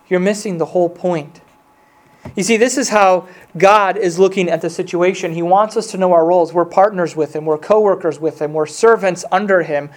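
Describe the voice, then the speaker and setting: A man's voice: high voice, darkish tone. A man preaching a sermon in an earnest, conversational way, reading scripture aloud with emphasis. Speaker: pastor.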